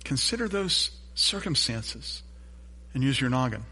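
Bright-voiced middle-aged male pastor preaching. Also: medium pitch, very animated, a little slow, breathy edge. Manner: storytelling, self-deprecating, engages the congregation with questions. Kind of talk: sermon.

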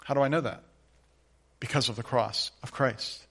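A middle-aged man preaching a sermon as pastor, moving from quiet, conversational storytelling to emphatic, rising declarations. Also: mid-range voice, lively intonation, a little fast, vocal fry, breathy edge.

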